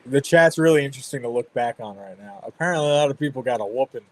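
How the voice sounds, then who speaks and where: A man's voice: medium pitch, lively intonation, fast, poor audio. A man in his thirties hosting a stream, chatting casually about parenting and laughing often. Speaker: livestream host. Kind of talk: casual chat.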